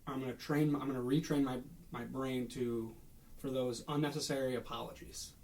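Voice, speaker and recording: A man's voice: mid-range voice, fairly even intonation, moderate pace, vocal fry, darkish tone, slight background noise. A young man co-hosting a podcast, chatting casually and telling rambling stories with plenty of restarts. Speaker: podcast co-host. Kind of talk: casual chat.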